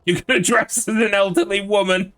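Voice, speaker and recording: Bright-voiced chatty man. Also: sits high, fairly even intonation, fairly quick, soft background music. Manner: chatty and upbeat, reads chat aloud and laughs often. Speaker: game streamer. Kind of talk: live-stream chat while gaming.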